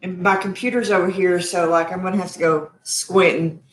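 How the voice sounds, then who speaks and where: A woman's voice: lowish voice, steady tone, fairly quick, echoey room, a little hiss or hum. A woman hosting a live cooking stream from her home kitchen, chatty and effusive, calling her viewers y'all. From Texas. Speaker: cooking show host.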